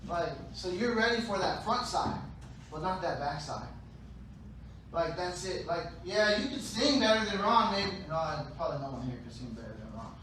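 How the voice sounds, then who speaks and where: A high, bright-voiced man preaches playfully, now and then shouting out short scenes in put-on voices. He is heard from a distance in a very echoey church hall, with faint noise underneath. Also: expressive, normal speed. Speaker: pastor. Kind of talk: sermon.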